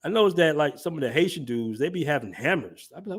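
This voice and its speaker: A man's voice: fairly high pitch, very animated, very fast, hardly any pauses, husky. A man hosting a casual livestream, reading chat comments aloud and laughing through his commentary. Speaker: livestream host.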